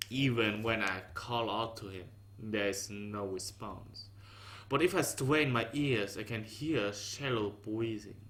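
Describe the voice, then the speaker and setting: A man reading a visual novel aloud in slow, measured narration with dry asides. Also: on the low side, a bit bright. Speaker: game reader.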